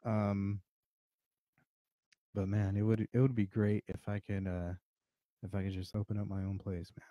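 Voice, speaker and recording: A man's voice: lowish voice, level tone, moderate pace, pauses often, dry recording, dull audio. A slightly drunk man hosting a podcast, rambling and swearing in casual chat. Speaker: podcast host.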